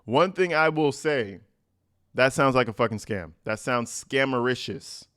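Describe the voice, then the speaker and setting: A man's voice: medium pitch, expressive, unhurried, fairly bright tone. A man hosting a reaction channel, reading letters aloud and breaking in with blunt, profane, mocking commentary.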